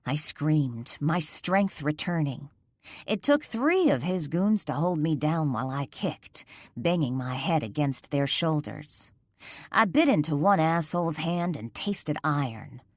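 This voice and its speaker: A woman's voice: deep voice, expressive, unhurried, a little mellow, no room sound. A woman narrating a romance audiobook in the first person, reading in an intimate, emotional storytelling manner.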